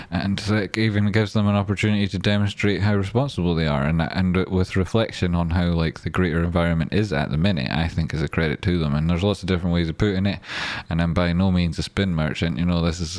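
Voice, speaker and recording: A man hosts a casual live trading stream from home. His voice sits very low. He rambles, swears and speaks his mind bluntly, and the sound is close and dry. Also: darkish tone, dry recording.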